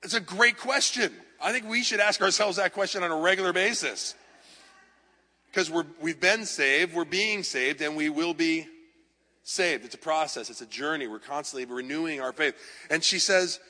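Bright-voiced pastor telling sermon stories. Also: male voice, fairly high pitch, moderate pace. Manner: lively anecdotes with self-deprecating humor. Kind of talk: storytelling sermon. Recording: long reverb of a large hall.

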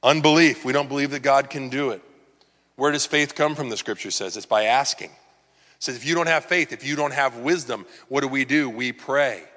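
A man's voice: medium pitch, a little fast, pushed and bright, in a large hall. A man preaching a sermon in a conversational, earnest way, often acting out the words of the people he talks about. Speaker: pastor.

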